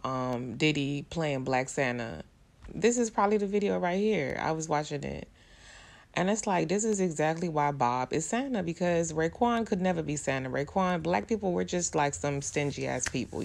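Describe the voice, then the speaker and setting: A woman's voice: low-pitched, vocal fry, darkish tone. A young adult woman chatting casually about celebrity gossip in a slangy, emotional vlog style. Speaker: vlogger.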